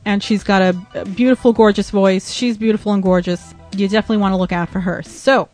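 A woman hosts a podcast in a chatty, rambling way, with plenty of fillers. Her voice sits at an ordinary pitch, and faint music plays behind her. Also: fairly even intonation, quick pace, a little mellow. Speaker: podcast host. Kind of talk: casual podcast talk.

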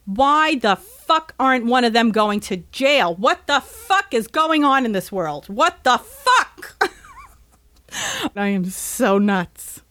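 A podcast host delivers an agitated, sarcastic, profane ranting monologue before moving into a call-in chat with a caller. Her voice is fairly high, very animated, bright and forceful, and she speaks slowly. The recording is dry.

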